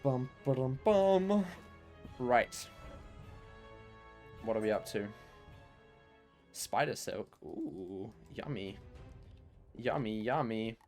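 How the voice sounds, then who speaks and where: Drawing out his words and pausing often, a man with a voice on the low side chats on his game livestream over soft background music. It's rambling, casual talk crowded with "like" and "you know."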